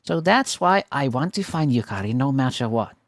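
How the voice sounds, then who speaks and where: A man's voice: mid-range voice, lively intonation, moderate pace, a little hiss or hum, close to an everyday voice. A man voicing an earnest teenage girl who runs a festival club, reading a game story aloud with voices. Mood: resolute.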